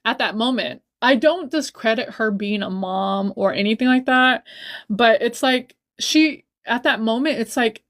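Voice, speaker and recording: A woman's voice: fairly high pitch, a bit bright. A young woman livestreaming a casual storytime, blunt and profane, heated and repeating herself for emphasis. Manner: blunt and profane, swears a lot.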